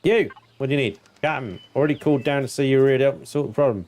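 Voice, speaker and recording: A man's voice: medium pitch, fast talker, a little mellow, close to an everyday voice. A man voicing a cheeky, practical male ship engineer in a game, with a put-on West Country English accent and a chirpy, bossy manner.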